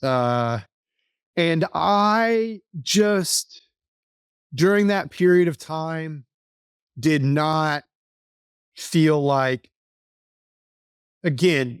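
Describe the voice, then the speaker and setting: A man's voice: medium pitch, clear, resonant tone, dry recording, clean studio sound. A man from Texas, a podcast guest, telling a personal story in an earnest, rambling way, often restarting sentences. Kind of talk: casual storytelling interview.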